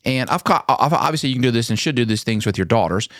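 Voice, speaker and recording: Мужчина-ведущий подкаста, оживлённо рассказывает. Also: male voice, fast, no room sound, clean studio sound. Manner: animated storyteller, acts out quotes with pitch jumps. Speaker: podcast host. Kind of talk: casual podcast conversation.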